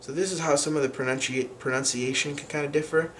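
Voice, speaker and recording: A man teaching a lesson on pronunciation, explaining patiently with frequent pauses and fillers. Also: fairly high pitch, fairly even intonation, a bit bright, slight background noise. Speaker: language teacher.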